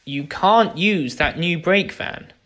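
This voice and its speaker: A man's voice: fairly high pitch, takes it slowly. A man voicing a loyal, polite male brake van in a storybook tale, speaking formally and courteously over background music. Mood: earnest. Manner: formal, courteous, softly spoken.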